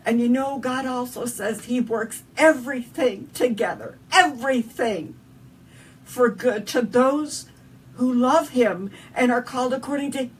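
A woman's voice: fairly high pitch, far from the mic, slight background noise, poor audio. A woman with a Southern US accent sharing an earnest, emotional personal faith testimony as an interview guest.

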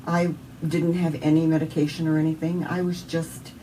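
A woman's voice: deep voice, level tone, moderate pace, warm tone. Earnest Southern woman sharing a testimony. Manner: earnest, heartfelt storytelling. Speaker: interview guest. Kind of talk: emotional personal testimony. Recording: distant mic with faint background noise.

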